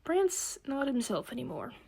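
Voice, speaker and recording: A woman voicing a gentle, grieving elf father who speaks softly and sighs. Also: high-pitched, very animated, moderate pace, gravelly, heavily acted. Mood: somber. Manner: soft and heavy, often sighing.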